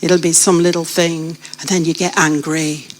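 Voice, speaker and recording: A woman's voice: low voice, level tone, normal speed, low-quality recording. A British woman telling her story of faith to a church gathering, putting questions straight to her listeners. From Britain. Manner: vivid storyteller who addresses the listeners directly with questions. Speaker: guest sharing her testimony. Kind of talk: testimony told to a church congregation.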